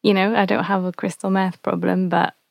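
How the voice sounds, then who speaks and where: A woman's voice: medium pitch, little pitch movement, a little fast, creaky, no echo, studio quality. A woman hosting a podcast interview, thoughtful and searching for her words as she asks questions. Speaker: podcast host. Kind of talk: casual interview chat.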